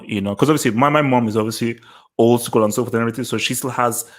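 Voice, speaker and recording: Male podcast co-host, mid-pitched, animated and questioning, casual chat. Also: very fast.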